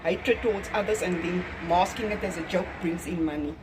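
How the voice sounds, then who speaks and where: A woman's voice: fairly low pitch, fairly quick, noisy background. A woman with a South African accent talking casually to her vlog audience at home, emphatic and repeating phrases for effect. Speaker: vlogger. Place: home kitchen.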